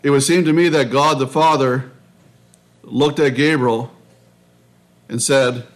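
A man preaching a sermon in a measured, reflective way, often restarting his phrases. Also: mid-range voice, fairly even intonation. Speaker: pastor.

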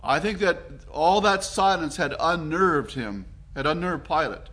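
A man's voice: a little high, animated, a little slow, a bit bright. A Canadian man preaching a sermon in an earnest, reflective way, with frequent restarts and fillers.

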